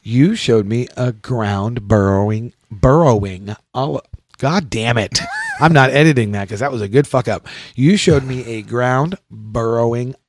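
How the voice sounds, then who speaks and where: A man's voice: mid-range voice, a little slow, no echo. A man hosting a podcast outdoors, chatting bluntly with lots of swearing and jokes. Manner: blunt, profane, joking. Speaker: podcast host. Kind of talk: casual podcast chat.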